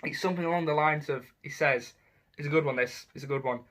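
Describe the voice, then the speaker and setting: A man's voice: fairly high pitch, quick pace, fairly bright tone. A young man giving a chatty, enthusiastic and slangy commentary as a YouTuber ranking villains.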